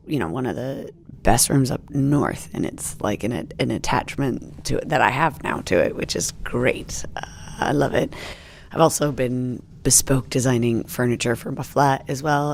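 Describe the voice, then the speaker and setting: A woman's voice: sits low, creaky, a little hiss or hum. A young adult American woman, a stand-up comedian, chatting reflectively and rambling with fillers and self-corrections. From United States. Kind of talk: casual reflective chat.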